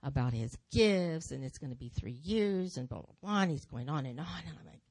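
A woman speaking in church, telling her testimony as a lively story with repeated phrases. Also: low-pitched, brisk, no echo. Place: church sanctuary.

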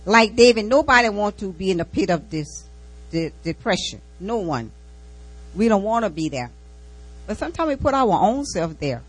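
A woman's voice: mid-range voice, breathy edge, low-quality recording. Folksy woman preaching with repeated lines. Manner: folksy, repeats key lines, laughs between phrases. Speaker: church speaker giving a testimony. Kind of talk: informal sermon with personal testimony.

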